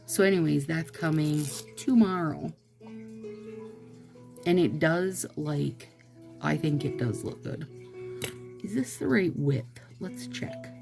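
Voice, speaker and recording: Low, gravelly, unhurried woman. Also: lively intonation, dark tone, faint music behind. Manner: chatty, exasperated asides, addresses viewers directly. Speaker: nail product vlogger. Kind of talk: casual product review chat.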